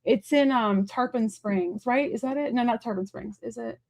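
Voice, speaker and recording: A woman giving a live-stream tarot reading from home, talking fast and rambling in a chatty way with many fillers. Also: fairly high pitch, creaky, darkish tone, dry recording. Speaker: psychic medium and tarot reader.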